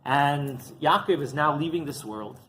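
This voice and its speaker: A man giving a rabbi's sermon, animated, constantly checking in with "right?" and restarting words. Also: a little high, unhurried, slight background noise, low-quality recording. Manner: keeps asking "right?", animated delivery.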